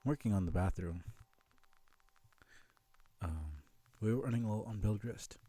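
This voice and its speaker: Male reader as jittery young teen boy, excitable and flustered, low mellow voice. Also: a little slow, breathy edge, no room sound. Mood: anxious. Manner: anxious, excitable. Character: jittery 13-year-old boy, earnest and flustered.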